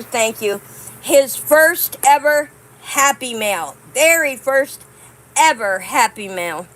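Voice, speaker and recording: Slow-talking high-voiced woman vlogger. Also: poor audio. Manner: warm, reads cards aloud slowly, chatty asides to "guys". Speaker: channel host. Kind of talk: casual vlog chat to viewers.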